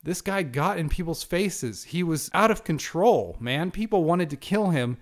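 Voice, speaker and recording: A man's voice: on the high side, lively intonation, measured pace. A man giving a passionate monologue, emphatic and punchy, full of rhetorical questions. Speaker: speaker giving a monologue on religion.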